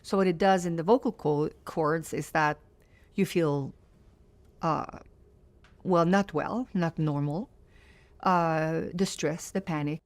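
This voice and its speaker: In a seated interview, a French-born singer in her fifties answers in a low, slow voice. Her tone is earnest and thoughtful, and she circles back to certain phrases to stress them.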